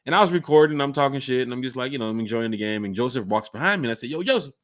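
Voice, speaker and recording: A man hosting a fan podcast in casual chat, telling stories with lively acted-out quotes on a home mic and camera. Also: mid-range voice, rapid-fire, no echo. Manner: animated storyteller acting out quotes. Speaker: podcast host.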